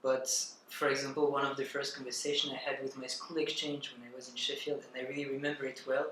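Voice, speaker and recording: French-accented young man, interview guest, bright forceful tone, roomy echo with faint ambience. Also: medium pitch, level tone, a little hiss or hum. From France. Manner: reflective, measured, with hesitations. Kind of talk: casual interview.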